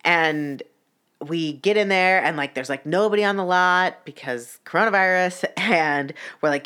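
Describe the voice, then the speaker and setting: A woman's voice: fairly low pitch, animated, a little slow, sharp tone, clean tone. A young woman telling a story in casual, profane vlog style, with many "like" fillers and a voice that gets heated. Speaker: vlogger.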